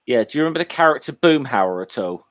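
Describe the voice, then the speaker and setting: A man's voice: mid-range voice, expressive, quick pace. A man in casual chat who speaks hesitantly, apologises often and begins his sentences with many false starts. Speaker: guest on a casual online chat.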